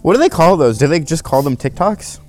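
A man's voice: on the high side, lively intonation, brisk, darkish tone, faint music behind. A young man co-hosting a podcast in casual chat, joking and retelling a phone call with his friend. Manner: joking, bossy storyteller, acts out phone calls. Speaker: podcast co-host.

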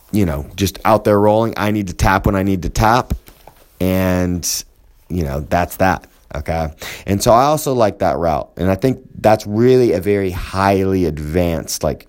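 A man's voice: deep voice, darkish tone. A man who coaches jiu-jitsu, talking through training advice in a casual, rambling way and acting out quoted exchanges. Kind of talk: casual instructional talk.

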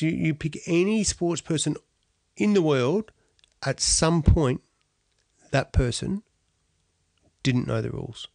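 A man's voice: on the high side, creaky, darkish tone, no room sound, studio quality. A middle-aged Australian man, an athlete being interviewed, telling stories in a blunt, salty way with laughs. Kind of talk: storytelling interview answer.

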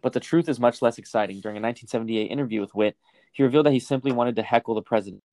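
A man's voice: mid-range voice, rapid-fire, warm tone, dry recording. A young man co-hosting a casual podcast, reading facts aloud and rambling into stories, with lots of swearing. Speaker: podcast co-host.

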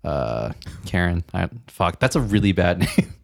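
A man's voice: low voice, big pitch swings, a little slow, gravelly. Young male podcast co-host, jokey, slips into bits. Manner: joking, jumps into silly voices. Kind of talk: casual chat.

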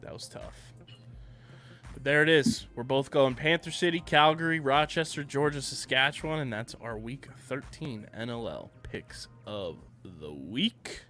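A man's voice: medium pitch, lively intonation, a little slow, bright, forceful tone, faint music behind. Laid-back young man joking about picks. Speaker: co-host of a lacrosse picks show. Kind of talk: casual sports chat.

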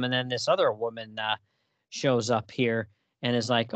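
A man talks through a comic book in a loose, easygoing way, leaning on fillers and laughing along. His voice sits at a middle pitch. The recording is dry and close. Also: normal speed, dry recording. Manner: relaxed, many fillers, laughs often. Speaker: podcast co-host. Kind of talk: casual chat about a comic book.

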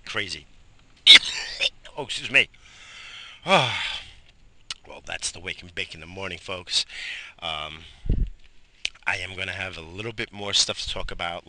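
Cussing guy on morning radio, low voice but real sharp and bright, coughing, ranting outside. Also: moderate pace, pauses often, slight background noise. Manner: profane, animated ranting with frequent coughs and sighs. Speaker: host of a morning radio show. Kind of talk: casual rambling monologue. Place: outdoors in his yard, smoking in the morning.

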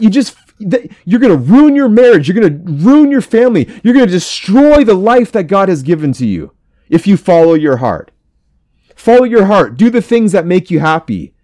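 A man's voice: high-pitched, big pitch swings, normal speed, darkish tone, no room sound. A man hosting a podcast, preaching to men in a fiery, emphatic way and repeating his phrases for force. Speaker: podcast host.

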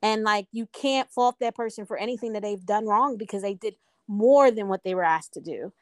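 A woman's voice: mid-range voice, fairly quick, dry recording. A woman co-hosting a podcast, talking in a reflective, earnest casual way. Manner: reflective, earnest, many "like" fillers. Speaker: podcast co-host. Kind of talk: casual chat.

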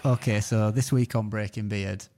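Low-voiced man reading quiz questions. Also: steady tone, normal speed, loud music behind the voice. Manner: reads questions plainly, chuckles often. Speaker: podcast co-host running a quiz. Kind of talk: casual chat, quiz questions.

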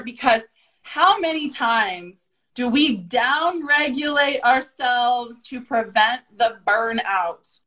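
High-pitched, profane, high-energy woman. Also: expressive, slow, pushed and bright, low-quality recording. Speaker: podcast guest, business coach. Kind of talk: casual podcast conversation.

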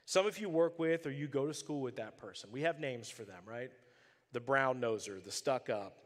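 A man's voice: medium pitch, moderate pace, in a large hall. A male pastor preaching a sermon, telling stories with animation and acting out the characters' voices. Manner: animated storytelling, acts out voices.

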